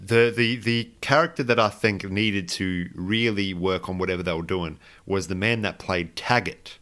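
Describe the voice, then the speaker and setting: Low-voiced man rambling about movies. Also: normal speed, a bit bright. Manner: rambling, frequent restarts and fillers, wry self-mockery. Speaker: podcast co-host. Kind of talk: casual movie review chat.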